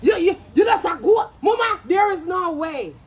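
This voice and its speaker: Loud, very high-pitched Jamaican woman ranting. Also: expressive, moderate pace, some chatter behind. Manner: loud, brash, profane, shouting bursts and cackling laughter. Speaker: social media commentator. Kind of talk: ranting commentary.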